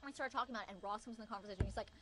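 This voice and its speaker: A woman's voice: medium pitch, background noise. A giggly teenage girl, an actress, chatting casually in an interview. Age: late teens. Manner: giggly, chatty, quick to laugh.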